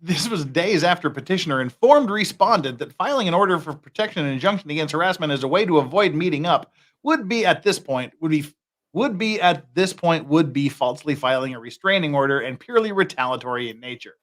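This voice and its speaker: Guy hosting a legal podcast, reading court docs with jokey asides, lively up and down pitch, bright voice. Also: fairly quick. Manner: wry, reads documents aloud with jokey asides. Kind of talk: casual legal commentary.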